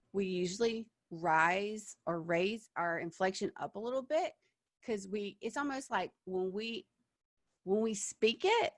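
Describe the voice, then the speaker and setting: A woman teaching an online acting workshop, lively and animated, checking in with her listeners by asking "okay?" and "yeah?". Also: medium pitch, dry recording.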